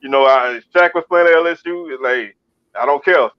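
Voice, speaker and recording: On a casual sports talk show, this Baton Rouge, Louisiana co-host talks a little fast with a clean tone in a voice on the high side. He often backs up and repeats words. Everything sounds dry, dull, and lo-fi.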